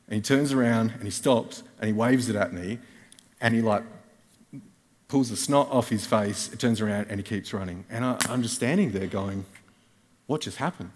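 A man with an Australian accent preaching a sermon as a guest speaker, telling a personal story with wry, self-mocking asides. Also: on the low side. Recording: reverberant church hall.

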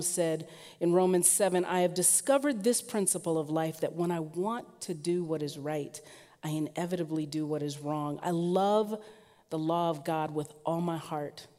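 Woman preaching in a reverberant hall. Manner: lively storytelling, rising in pitch and force when emphatic. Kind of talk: sermon.

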